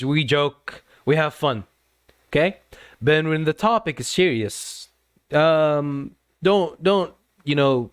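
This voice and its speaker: A man's voice: fairly high pitch, clear, resonant tone, no room sound, clean studio sound. Earnest, lecturing male streamer. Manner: earnest, lecturing, repeats words. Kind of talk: casual livestream talk to chat.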